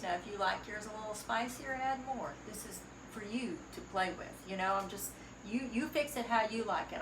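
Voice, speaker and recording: A woman with a Southern US accent talks her way through a recipe in a casual, homey manner, stirring as she goes. She sounds a little off-mic in an echoey kitchen. A pan sizzles loudly behind her. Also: mid-range voice, far from the mic, noisy background. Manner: chatty, homey, talks while stirring and cooking. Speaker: cooking channel host. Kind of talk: casual cooking demonstration. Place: borrowed home kitchen, indoors. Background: frying and sizzling from the stove.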